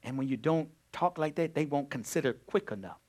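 Male pastor, sermon, emphatic, lively pitch, slightly high voice. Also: brisk. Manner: emphatic preacher, swings from quiet to loud. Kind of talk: preaching a sermon.

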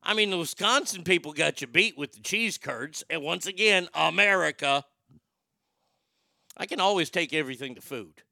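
A man with a high, gravelly voice that still comes through crisp and clean. He riffs on the news in a sarcastic, rambling way, swearing freely as he goes. The sound is close and dry, with no room around it. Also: lively intonation, moderate pace, sharp tone, no echo. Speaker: show host. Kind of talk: profane comedic news commentary.

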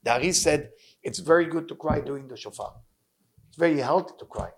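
Gravelly husky man giving a sermon. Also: a little high, a little fast. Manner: non-native English with Hebrew phrases, earnest and emphatic. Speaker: rabbi teaching.

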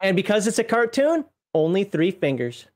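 A co-host in a relaxed chat who reads rulebook entries aloud and breaks off into laughs and jokes. The pitch sits in the middle, and the talk is easy and unhurried. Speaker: co-host reviewing a game book.

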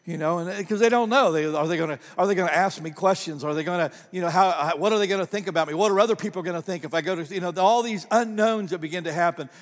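High-voiced man preaching in a reverberant hall. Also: quick pace, hardly any pauses. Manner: conversational storytelling with laughs and repeated phrases. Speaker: pastor. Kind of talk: sermon.

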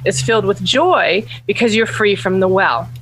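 A woman's voice: medium pitch, normal speed, a bit bright, slight background noise, lightly acted, poor audio. A woman voicing a loyal male servant in a fairy tale, speaking earnestly to his master.

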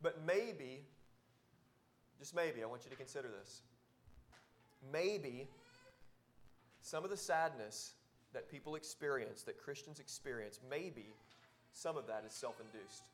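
A man pastor preaching a sermon, exhorting and repeating key phrases, swinging from loud to soft. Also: mid-range voice, expressive, unhurried, pauses often, slight background noise. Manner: repetitive, exhortative preaching with wide swings in loudness.

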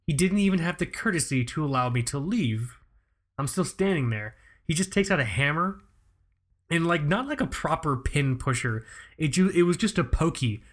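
A man's voice: fairly high pitch, animated, moderate pace. A young adult man hosting a podcast, chatting casually and telling a story full of restarts. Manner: rambling, storytelling with many restarts. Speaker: podcast host. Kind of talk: casual chat.

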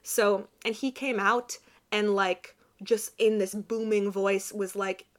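A young woman in her twenties chatting casually, telling a lively story with quick asides. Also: medium pitch. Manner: animated storyteller, quick asides and quoted voices. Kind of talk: casual chat.

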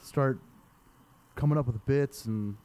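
A man's voice: medium pitch, slow pace, warm tone. A young man co-hosting a casual podcast, joking and swearing freely as he riffs on bits. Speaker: podcast co-host. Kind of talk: casual chat.

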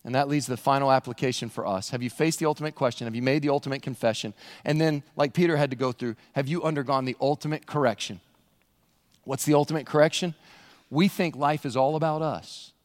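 A man preaching a sermon as pastor, animated and acting out characters' voices. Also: mid-range voice, fast talker. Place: church sanctuary. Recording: long reverb of a large church hall.

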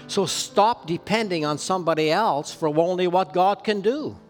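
Canadian pastor preaching in a reverberant hall. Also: male voice, high-pitched, moderate pace, soft background music. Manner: storytelling, personal and earnest, voice rising in emphasis. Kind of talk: sermon. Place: church hall with long reverb.

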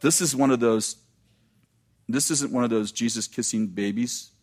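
A man delivers a sermon in a mid-range voice, reading scripture aloud and pausing for quick, lively asides to his congregation.

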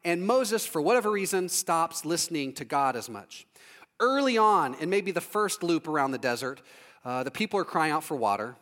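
A man preaching a storytelling sermon in a relaxed, humorous way, acting out little scenes as he goes. His voice sits fairly high for a man. A long reverb trails his words, as in a big sanctuary. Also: moderate pace. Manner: conversational and humorous, with lively acted-out asides.

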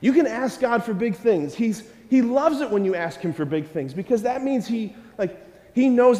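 Male preacher with a high voice, animated sermon delivery, reverberant church hall. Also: normal speed. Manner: animated, acts out prayers in a raised voice, engages listeners with questions.

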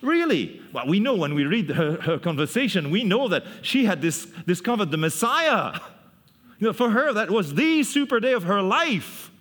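A man preaching a sermon, telling the story in a lively way, often laughing and acting out the people in it. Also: high-pitched, normal speed. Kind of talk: sermon, animated Bible teaching. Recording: long hall reverb.

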